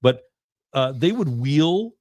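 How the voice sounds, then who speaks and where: A man in his sixties hosting a sports talk show, reminiscing in a relaxed, halting way with many fillers. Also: mid-range voice, dry recording. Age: 60s. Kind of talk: casual sports radio chat. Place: radio studio.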